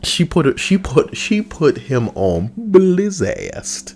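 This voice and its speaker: A man's voice: a little high, wildly swooping pitch, slow, few pauses, a little mellow, faint music behind. A man giving crude, mocking comedic reactions to stories he reads out, ranting as he goes. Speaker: online commentator.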